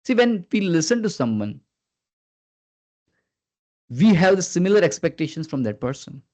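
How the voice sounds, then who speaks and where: A man leading a live online training session as a communication skills trainer, earnest and coaxing, who keeps prompting his listeners and swings his pitch up and down on purpose. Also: very animated, moderate pace, darkish tone. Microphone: video call. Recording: dull lo-fi video call audio.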